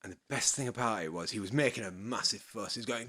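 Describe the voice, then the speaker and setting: Man, yorkshire accent, casual podcast chat, laughs a lot, swears, mid-pitched voice. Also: a little fast, few pauses, sharp tone. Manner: laid-back storyteller, laughs often, swears. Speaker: podcast guest, musician.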